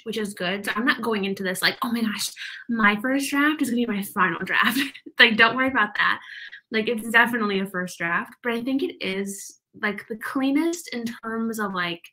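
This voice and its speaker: This writing-sprint livestream host has a bright, forceful, medium-pitched voice and a moderate pace. She reads live comments and chats casually, somewhat out of breath, with lots of laughter and many a "like."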